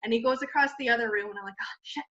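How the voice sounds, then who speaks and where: A woman who founded a cosmetics company tells a story in an interview, animated, laughing often and filling her talk with "like". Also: fairly high pitch, rapid-fire. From Canada. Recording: muffled lo-fi sound.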